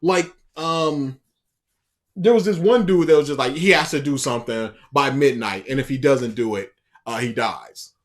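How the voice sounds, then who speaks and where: A man co-hosting a casual anime podcast, rambling with restarts and growing loud and laughing when he retells scenes. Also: mid-range voice, normal speed. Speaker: podcast co-host. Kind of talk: casual chat.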